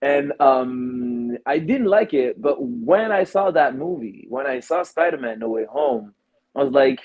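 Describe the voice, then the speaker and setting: A man talking casually about films as a guest, excitable and animated when retelling scenes, with a husky voice. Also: a little slow, phone-quality sound. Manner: excitable, animated retelling with big pitch jumps. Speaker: guest, film reviewer. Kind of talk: casual chat.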